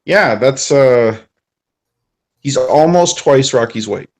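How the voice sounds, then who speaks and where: A man's voice: medium pitch, animated, slow pace, creaky. A man co-hosting a podcast in casual film chat, making dry joking remarks. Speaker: podcast co-host.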